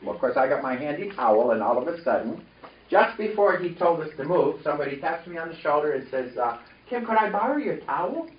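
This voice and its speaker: A high-voiced male preacher works the room with lively call-and-response. His voice sits well back from the microphone in a reverberant hall. The recording is muffled and dull. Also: fast talker, slight background noise. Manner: animated, leads congregation in call-and-response. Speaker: pastor. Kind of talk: sermon with personal story. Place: church sanctuary. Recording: echoey, distant, dull church recording.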